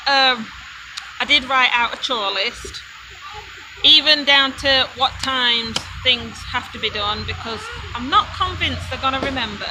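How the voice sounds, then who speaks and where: Over a noisy background, a high-pitched British woman tells her homesteading live stream audience a road-trip story. She's chatty, laughs a lot, and keeps pausing to talk to her kids.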